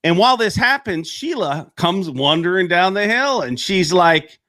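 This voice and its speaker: A man chats casually about fishing, his voice sitting fairly high. His tone is bright and forceful, and he rambles through his tales, laughing at his own jokes. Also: expressive, moderate pace. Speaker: professional angler telling stories. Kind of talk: casual chat.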